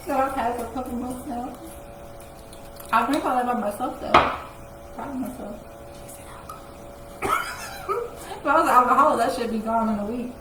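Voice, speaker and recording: A woman co-hosting a casual live chat show, loud and teasing, laughing often. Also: a little high. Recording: echoey room with noise.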